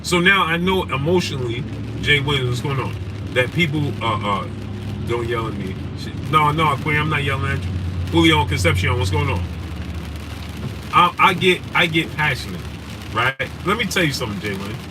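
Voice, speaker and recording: A man's voice: fairly high pitch, expressive, moderate pace. A man hosting a casual sports live stream, talking with passion, greeting viewers by name and often asking "right?". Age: adult with wife and kids. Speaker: sports show host. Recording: distant mic with clear background noise.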